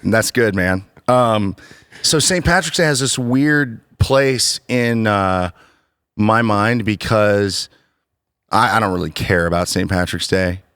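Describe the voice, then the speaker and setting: A man hosting a church podcast in casual chat, animated and chatty with frequent restarts. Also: on the low side, slow, clear, resonant tone, dry recording, studio quality. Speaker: podcast host.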